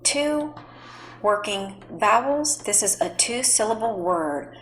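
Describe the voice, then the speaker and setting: A woman teaching a phonics lesson to children at home, speaking slowly and patiently and spelling words out letter by letter. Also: mid-range voice, expressive, fairly bright tone, a little hiss or hum, rough recording. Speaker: reading teacher.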